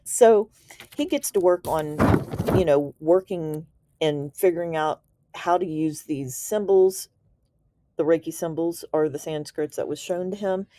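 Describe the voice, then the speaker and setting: A woman's voice: low voice, a little slow, dark tone. A woman telling a story in a casual, slangy and enthusiastic way, laughing now and then as she explains. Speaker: Reiki teacher.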